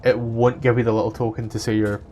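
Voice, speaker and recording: A man at mid pitch runs a tabletop game as game master. He explains rules and rulings in an easygoing, chatty way. A faint hiss sits under his voice. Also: fast talker. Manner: relaxed, explaining rules between laughs.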